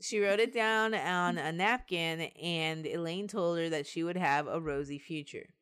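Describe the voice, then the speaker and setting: A woman's voice: lowish voice, unhurried, clean tone. Laughing woman telling a true-crime story. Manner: laughs often, swears, animated retelling. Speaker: podcast host telling the case.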